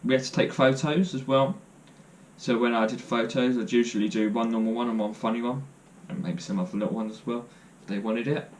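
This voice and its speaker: A man's voice: mid-range voice, steady tone, fairly quick, a little mellow, a little hiss or hum. A young man telling stories to camera in a casual vlog, joking and self-deprecating as he rambles. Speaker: vlogger.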